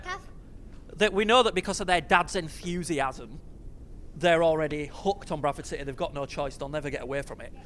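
A middle-aged man hosting a casual football podcast from his home. He leads the conversation and drops in deadpan quips, his voice clearly higher than most men's. A faint hum sits in the background. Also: fairly quick. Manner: steers the talk, dry jokes. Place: at home with children around.

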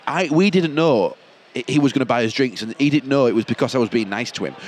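A young man from Bradford with a Yorkshire accent, telling stories in a casual chat, animated and laughing often. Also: medium pitch, fast, a little hiss or hum. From Bradford, England.

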